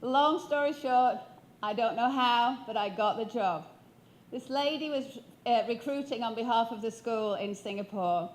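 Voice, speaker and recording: A woman in her fifties with a Yorkshire accent, speaking from a stage in a high, bright voice. She tells her stories with humour and keeps turning to the audience with questions. There is a faint hiss of noise behind her. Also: unhurried. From England. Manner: humorous, playful, addresses the audience with questions. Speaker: keynote speaker. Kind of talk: motivational storytelling talk.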